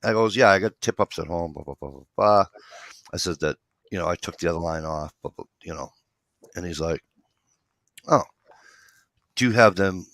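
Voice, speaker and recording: A man's voice: low-pitched, a little fast, a bit bright, no room sound. A man co-hosting a casual talk show, rambling through a story and retelling both sides of the dialogue, swearing casually. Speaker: podcast co-host.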